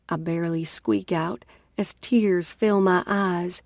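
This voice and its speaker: A woman narrates a first-person novel in an unhurried way. Her voice is lowish and her pace very slow. The recording is dry, with no room sound. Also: fairly even intonation, creaky, darkish tone, no echo. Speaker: audiobook narrator.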